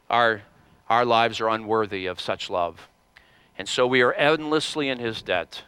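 A man's voice: medium pitch, pushed and bright, smooth, dry recording. A man preaching an earnest sermon, rising in emphasis on key points and calling on the congregation to repeat lines after him.

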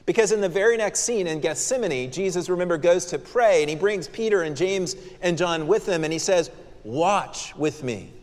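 A pastor giving an expository sermon in a church, explaining the text with conversational asides. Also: male voice, high-pitched, a little fast, hardly any pauses, a little mellow. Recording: long reverb of a church hall.

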